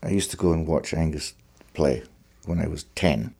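A man with a very low, dark voice talks about his playing in a conversation. He is thoughtful, often pausing and restarting as he looks for the right words. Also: gravelly, slightly rough. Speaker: fiddler. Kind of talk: conversational reflection on music.

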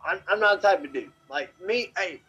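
A man from Memphis, telling a story as a podcast guest in a rambling, animated way and swearing constantly. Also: sits high, a little fast, slightly rough, dull audio. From Memphis, Tennessee. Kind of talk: casual storytelling.

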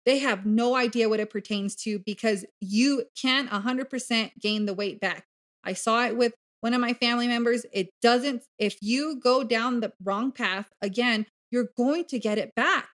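Outspoken woman with a high-pitched voice. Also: normal speed. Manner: animated, blunt, swears freely. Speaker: podcast guest, bariatric coach. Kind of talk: candid casual conversation.

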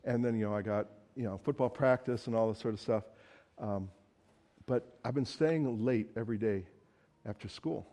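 A teenage son, as a preacher puts him on rambles through earnest excuses. The voice is mellow and low-key, a touch below the man's usual pitch. It sounds like an everyday voice, not a broad caricature. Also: lively intonation, normal speed, lightly acted. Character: teenage boy boasting of church work.

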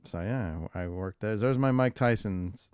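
Low-voiced man in dry casual chat. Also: normal speed, darkish tone, clear, resonant tone, no room sound. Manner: rambling, jokey, trails off. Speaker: podcast co-host.

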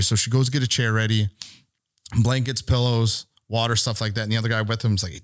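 A man's voice: lowish voice, steady tone, a little fast, no echo, studio quality. A man on a podcast telling a long story in casual chat, rambling and swearing freely as he acts out what people said. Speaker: podcast co-host.

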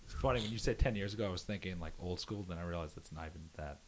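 Man, deeper voice, giggly, hesitant, faint background noise. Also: rapid-fire. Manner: giggly, hesitant, laughs often. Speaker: podcast co-host. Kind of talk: casual podcast banter.

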